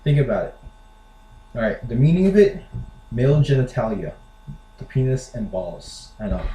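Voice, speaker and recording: A man's voice: mid-range voice, sing-song, moderate pace, warm tone, a little hiss or hum. An American man chatting casually to the camera, rambling with lots of fillers. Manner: rambling, with lots of "like" and "you know". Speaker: vlogger. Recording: echoey room.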